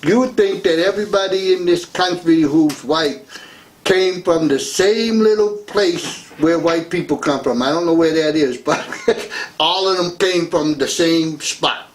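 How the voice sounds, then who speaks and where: A man's voice: a little high, a little slow, a little hiss or hum. A man hosting a talk radio show, rambling through a casual monologue and laughing between remarks. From United States. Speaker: radio host.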